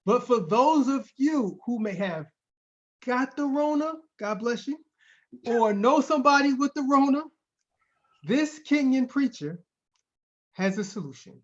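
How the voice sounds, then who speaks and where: A man's voice: very high voice, lively intonation, measured pace, pauses often. A man co-hosting a casual comedic chat, reading news items aloud and chuckling. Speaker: co-host. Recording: muffled lo-fi audio.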